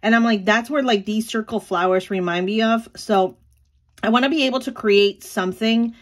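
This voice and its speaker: Woman, 30s, small-shop vlogger at home, slightly high-pitched, casual and giggly, rambling. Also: normal speed. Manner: chatty, giggly, lots of fillers. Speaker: small sticker shop owner. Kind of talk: casual vlog chat.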